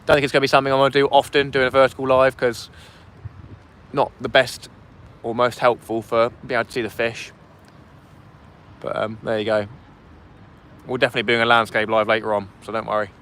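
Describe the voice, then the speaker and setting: Brief: male fishing streamer, mid pitch, chatty, outdoors on a phone, faint background noise. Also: flat delivery, fairly quick, a bit bright. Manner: chatty, reads out chat and thanks donors. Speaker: fishing livestream host. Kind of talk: casual live-stream chat. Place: outdoors by the sea wall. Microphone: phone streaming vertically.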